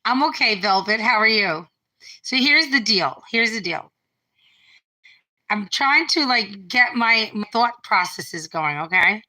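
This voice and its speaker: A woman's voice: medium pitch, animated, a little slow, pushed and bright, rough recording. A middle-aged woman rambling on a live stream from home, reading out viewer comments as she talks. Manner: rambling, reads out viewer comments, restarts often. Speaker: livestreamer. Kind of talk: casual live-stream chat. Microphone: phone.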